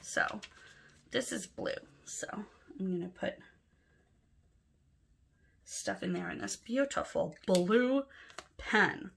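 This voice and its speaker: A woman's voice: mid-range voice, slow, gravelly, pauses often, slight background noise. A woman from Los Angeles with a Los Angeles accent, chatting casually and rambling a little while she fills in her planner. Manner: chatty, rambling, soft-spoken with filler words. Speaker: planner vlogger. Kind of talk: casual plan-with-me chat.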